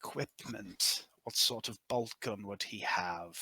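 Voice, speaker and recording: Bright dry-voiced game master, thinking aloud. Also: male voice, lowish voice, slow, slightly rough, no echo. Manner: thinking aloud, hesitant with fillers. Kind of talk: running a tabletop role-playing game.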